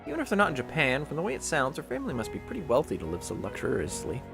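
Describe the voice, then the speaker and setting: A man reading a visual novel aloud as its narrator, expressive and chatty, breaking off into jokey asides. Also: medium pitch, racing, gravelly, over music. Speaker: visual novel reader, channel host.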